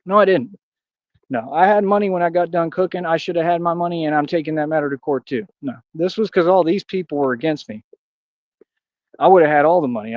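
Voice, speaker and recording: A man's voice: fairly high pitch, darkish tone, no room sound, highs cut off. A man ranting casually on a livestream, rambling and aggrieved, slipping into preachy declarations. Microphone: streaming mic.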